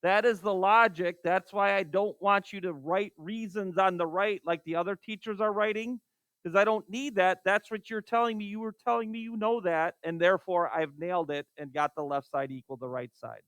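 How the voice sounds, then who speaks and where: Man, math teacher, high voice, dry close sound, brisk and exasperated. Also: steady tone, fairly bright tone, no echo. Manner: brisk, exasperated, calls on students by name. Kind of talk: classroom lecture. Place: classroom.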